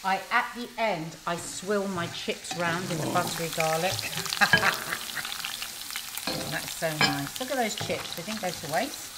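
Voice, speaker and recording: Woman chatting while she cooks, lowish voice, sizzling pan in the background. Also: normal speed. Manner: chatty and affectionate, teasing her husband. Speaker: cooking show host. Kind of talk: casual cooking demonstration. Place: home kitchen. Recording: noisy kitchen with sizzling. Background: frying and sizzling.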